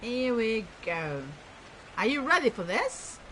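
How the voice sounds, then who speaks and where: A woman's voice: fairly high pitch, big pitch swings, slow, a bit bright, slight background noise, low-quality recording. A woman hosting a let's play, chatting enthusiastically and reading in-game text aloud as she plays. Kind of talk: gameplay commentary.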